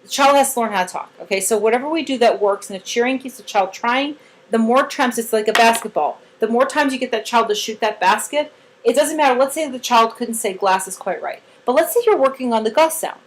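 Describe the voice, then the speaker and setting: A woman's voice: on the high side, a little fast, low-quality recording. A woman trainer explaining a therapy method in casual talk, acting out quotes and filling her speech with "like". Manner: animated storyteller acting out quotes, many "like" fillers; cheerful voiced praise bursts.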